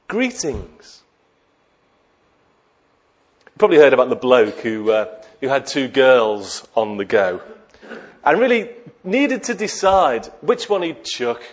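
Man preaching in a chatty way. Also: medium pitch. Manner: conversational, asks the listeners rhetorical questions. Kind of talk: sermon.

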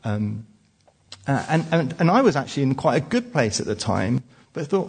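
Preacher, male, 40s, husky, chatty storytelling sermon. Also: medium pitch, big pitch swings, moderate pace. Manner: conversational, frequent restarts and "uh" fillers. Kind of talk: sermon with personal stories.

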